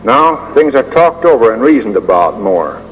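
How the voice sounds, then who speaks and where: An older man delivers a prepared talk in a measured, dryly humorous way, often pausing with a soft uh. His voice sits at an ordinary middle pitch. It carries a long hall echo over a faint hiss. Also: sing-song. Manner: measured, with dry humor and frequent uh pauses. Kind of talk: prepared speech.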